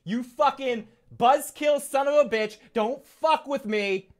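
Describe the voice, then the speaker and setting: A raging undead king hurls profane threats in a raised, strained voice, as a man puts him on. He sounds crude and out of control, pitched well above a normal speaking voice. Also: normal speed, fairly bright tone. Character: furious crude undead ice king, male.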